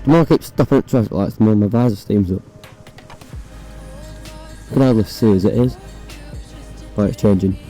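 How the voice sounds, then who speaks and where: A young man with a hoarse, croaky voice, chatting casually and swearing while riding a motorbike, recorded on a phone inside his helmet. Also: lowish voice, normal speed, pauses often, dark tone, faint music behind, rough recording. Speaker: motovlogger. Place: on a motorbike on city roads.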